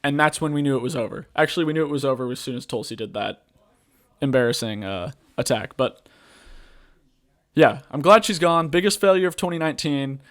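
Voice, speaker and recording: A man hosting a podcast, ranting in a loose, rambling way. His voice sits at an ordinary middle pitch, and he leans on filler words constantly. He is blunt and profane. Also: expressive, brisk, fairly bright tone. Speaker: podcast host. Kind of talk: casual political rant.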